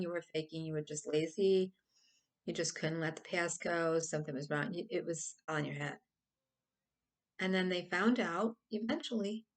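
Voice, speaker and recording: Woman rambling through a casual explainer. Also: mid-range voice. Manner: animated, rambling, acts out silly examples. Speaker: video host.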